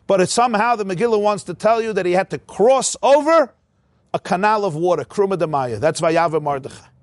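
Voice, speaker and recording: A man's voice: high-pitched, fairly quick, no echo, clean studio sound. A man giving a Torah study lecture, walking through a text with rhetorical questions. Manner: explains by posing rhetorical questions. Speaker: Torah teacher.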